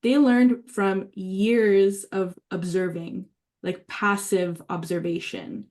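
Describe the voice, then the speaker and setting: A woman's voice: mid-range voice, fairly even intonation, takes it slowly, a little mellow. A woman leading a writing workshop, talking enthusiastically and thinking aloud with many fillers and restarts. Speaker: workshop leader.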